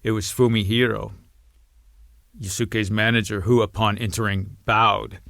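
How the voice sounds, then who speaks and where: Low-voiced man narrating a novel. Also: flat delivery, a little slow, creaky, a bit bright, no room sound, clean studio sound. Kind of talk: audiobook narration.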